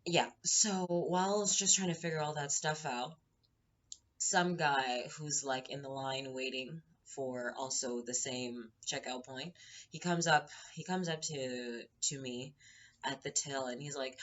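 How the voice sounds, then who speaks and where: A woman's voice: a bass voice, steady tone, unhurried, lo-fi sound. A woman hosting her own show, retelling a story in a casual, heated and profane way, acting out the quotes. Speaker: podcast host.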